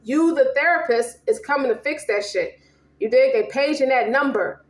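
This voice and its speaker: A woman's voice: high-pitched, moderate pace, roomy sound. A woman giving a casual tarot reading, slangy and profane, rambling and emphatic. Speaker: tarot reader.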